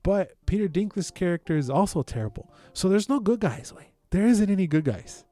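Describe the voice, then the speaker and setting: Man, podcast co-host, casual chat, profane, emphatic, slightly high voice, mellow tone. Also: lively intonation, brisk, faint music behind.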